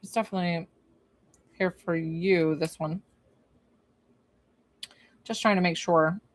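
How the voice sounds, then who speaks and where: A woman's voice: fairly low pitch, steady tone, slow pace, no room sound. A woman working as a psychic medium, giving an informal one-on-one reading and thinking aloud with lots of fillers. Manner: bursts into laughter.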